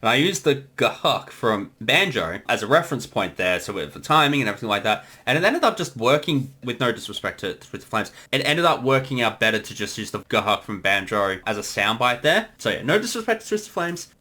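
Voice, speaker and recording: A man giving casual creator commentary on an episode he worked on, rambling a little with filler words and quick laughs. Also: mid-range voice, big pitch swings, pushed and bright.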